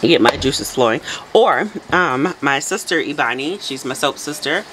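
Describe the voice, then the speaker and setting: A woman with a deep, husky early-morning voice chats her way through a soap tutorial. She laughs often and lets her pitch swing widely as she talks to viewers. A faint room hum sits behind her. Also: lively intonation, normal speed, fairly bright tone, low-quality recording. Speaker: soap making channel host. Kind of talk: casual tutorial chat.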